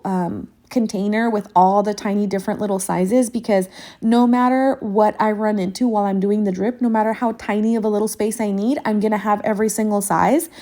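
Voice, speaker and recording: Gushing, mellow-voiced woman crafter. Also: medium pitch. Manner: gushing and effusive, swears casually; sentimental and emotional. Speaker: crafting tutorial host. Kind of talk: casual chatty tutorial talk.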